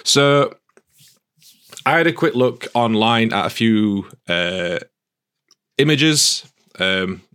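A man's voice: fairly low pitch, expressive, slow, long pauses, fairly bright tone, smooth. A man co-hosting a casual podcast, telling stories in a chatty, self-deprecating way. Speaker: podcast co-host. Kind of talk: casual chat.

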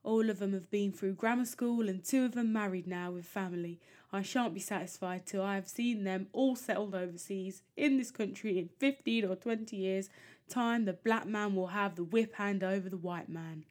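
A woman's voice: mid-range voice, moderate pace, darkish tone, lightly acted. A woman voicing a bitter middle-aged working man, reading his lines in a put-on Midlands accent. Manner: put-on regional accent, read aloud.

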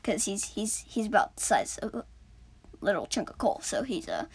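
A woman's voice: mid-range voice, sing-song, normal speed, breathy edge, no echo. A woman improvising a story as a storyteller, rambling with many fillers and restarts.

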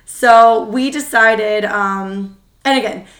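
A woman co-hosting a podcast chats casually in a slightly high voice that sounds exhausted. She's excitable and chatty, peppering her talk with quick asides.

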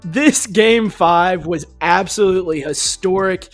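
A man hosting a casual sports podcast, talking excitedly and laughing often as he recaps a game. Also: sits high, a little slow, soft background music. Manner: excitable, laughs often, reads texts aloud. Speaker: podcast host.

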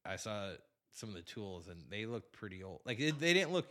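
A man co-hosting a podcast, chatting in a relaxed, conversational way. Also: lowish voice, a little fast. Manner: relaxed, conversational, brief backchannels. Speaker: podcast co-host. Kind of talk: casual chat.

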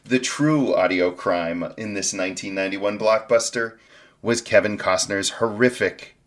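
A man's voice: on the low side, a little slow. A man co-hosting a podcast who gives sarcastic, joking movie commentary and chuckles at his own jokes. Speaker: podcast co-host. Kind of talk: casual movie-review chat.

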